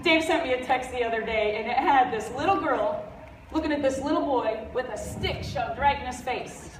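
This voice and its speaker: A high-voiced, congested woman speaks bluntly and with fire at a convention, cracking jokes to the crowd. Her voice carries around a big echoey hall, picked up from well back from the mic. A steady hum of room noise sits under her. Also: normal speed. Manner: blunt, fired-up, jokey. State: stuffy, congested. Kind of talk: motivational stage talk. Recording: roomy hall audio from far off.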